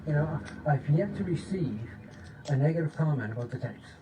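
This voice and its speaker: A man giving an informal, excited spiritual talk, often checking in with "okay?" and sometimes dropping to a low voice to demonstrate. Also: brisk. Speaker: spiritual teacher. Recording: distant mic with faint background noise.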